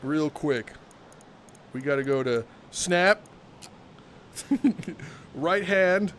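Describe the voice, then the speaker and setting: A man live-streaming a game, joking with his chat, with bursts of laughter and loud theatrical exclamations. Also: on the high side, animated, very slow, a little hiss or hum.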